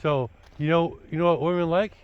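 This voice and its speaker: A fairly quick, clean, higher-leaning male voice comes through lo-fi sound as a father advises his son on dating. The vlog talk is casual and rambling, blunt and preachy, peppered with "you know" and "dude."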